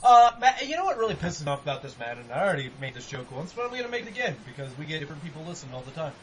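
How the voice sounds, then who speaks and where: Male podcast host: animated, profane rambler, slightly high voice, crowd noise behind. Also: rapid-fire, rough recording. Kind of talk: casual podcast chat.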